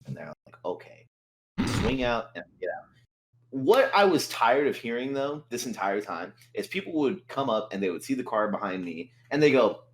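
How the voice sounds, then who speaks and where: Animated young man telling a story. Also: medium pitch, brisk, poor audio. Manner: animated, acts out quotes, swears a lot. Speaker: podcast co-host. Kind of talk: casual storytelling.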